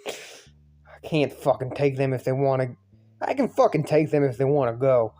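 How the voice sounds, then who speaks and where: A man's voice: medium pitch, normal speed, dark tone, lightly acted. A man voicing a brash, crude young man who picks fights, in a put-on Irish accent, over faint music. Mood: taunting. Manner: crude, mocking, swaggering. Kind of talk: fan visual novel voice acting.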